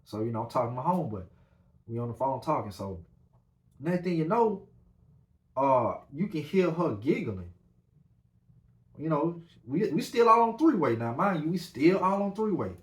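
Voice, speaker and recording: Male podcast host, slightly high voice, rambling anecdote, roomy echo. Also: normal speed, long pauses. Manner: animated, rambling with many fillers. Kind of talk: casual storytelling.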